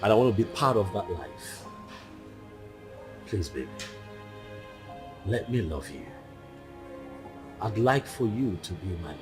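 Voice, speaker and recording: A tender, pleading suitor. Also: male voice, on the low side, sing-song, measured pace, long pauses, over music. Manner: pleading, tender, softly coaxing. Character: earnest man courting a pregnant woman, tender and persistent. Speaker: actor in a Nigerian film. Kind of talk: film drama acting.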